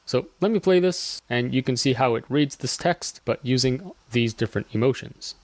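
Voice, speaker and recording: A man hosting a casual software tutorial, explaining each step as he clicks through it. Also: medium pitch, lively intonation, moderate pace, no echo. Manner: chatty, explains steps as he clicks. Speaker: tutorial host.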